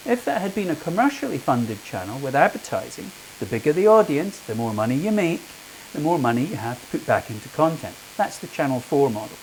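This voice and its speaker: A man's voice: medium pitch, a little mellow, a little hiss or hum, rough recording. A middle-aged man speaking on a panel, chatty and anecdotal, restarting his sentences often. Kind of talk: public talk answering questions. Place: meeting room with audience.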